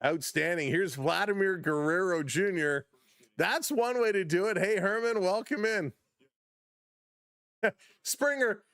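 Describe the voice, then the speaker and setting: A man with a high, light voice calls a baseball game on a live stream, recorded close and dry with no room sound. He gets loud and excited on big plays, laughs easily, and greets his chat viewers by name. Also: unhurried, pauses often, clean tone, no echo. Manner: bursts into shouting excitement on big plays, chuckles often. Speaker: live stream play-by-play host. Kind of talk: excitable baseball play-by-play with chat shout-outs.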